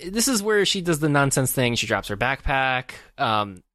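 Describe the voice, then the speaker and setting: A man's voice: mid-range voice, sing-song, normal speed, bright, forceful tone, no echo, studio quality. A man co-hosting a podcast, talking casually about a film with many fillers and restarts. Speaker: podcast co-host.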